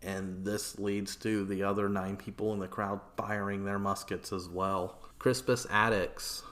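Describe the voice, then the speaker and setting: एक आदमी पॉडकास्ट होस्ट के रूप में अनौपचारिक अंदाज़ में इतिहास की कहानी सुना रहा है, बीच-बीच में गालियों और "like" जैसे भराव शब्दों के साथ।. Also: male voice, on the low side, level tone, unhurried, a bit bright. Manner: casual, swearing, filler-heavy. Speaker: podcast host. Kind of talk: casual history storytelling.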